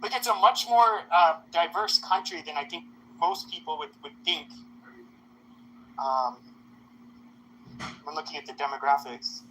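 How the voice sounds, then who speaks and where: A man talks loosely in an online voice chat, his voice bright and forward. He rambles, swears freely and leans on filler words. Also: fairly high pitch, unhurried, long pauses, a little hiss or hum, rough recording. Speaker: voice chat participant.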